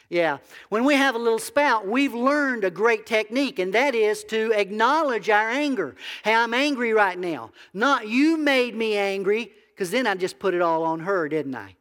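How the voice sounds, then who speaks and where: A man's voice: sits high, fairly bright tone, big-room sound. A man, a biblical counselor, preaching a conversational sermon that asks the audience questions. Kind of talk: sermon to a congregation.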